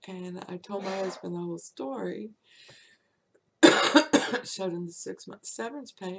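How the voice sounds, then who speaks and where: A woman's voice: medium pitch, vocal fry, a little mellow, slight background noise. A woman in her sixties telling a frank story from her own life, laughing often as she goes. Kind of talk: casual personal storytelling.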